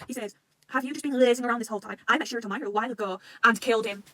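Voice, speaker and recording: A woman with a slightly high voice rattles through a fan recap at breakneck speed. She swears freely and keeps bursting into excited, gushing shouts as she retells each scene. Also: racing, no room sound. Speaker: manga reaction channel host.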